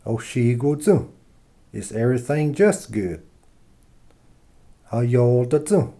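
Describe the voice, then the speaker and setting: Very slow, mellow-voiced male teacher. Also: mid-range voice, animated. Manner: slow, deliberate, pausing after each phrase. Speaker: language teacher. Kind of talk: reading phrase-by-phrase lesson dialogue.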